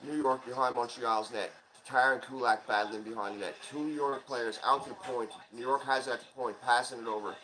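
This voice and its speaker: A man of ordinary pitch runs a relaxed live commentary over a hockey game, speaking like a fan who is pulling hard for his team. He bursts into quick, excited play-by-play when the action heats up, then drifts back into chatty asides and small self-corrections. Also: low-quality recording. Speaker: channel host, fan commentator. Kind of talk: casual live game watch-along commentary.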